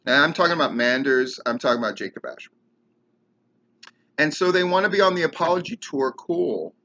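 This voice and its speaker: Bright-voiced man ranting with profanity. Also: a little high, fairly quick, highs cut off. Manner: heated, profane, sarcastic. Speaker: podcast host and wrestling commentator. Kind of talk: profane rant commentary.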